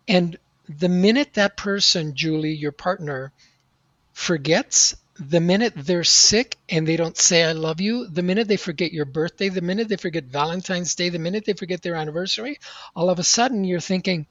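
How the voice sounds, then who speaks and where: A man's voice: high-pitched, moderate pace, no room sound. Earnest middle-aged man telling his story. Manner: earnest, animated storytelling with reenacted outbursts. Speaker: podcast guest. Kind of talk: storytelling interview answer. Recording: dry, slightly dull audio.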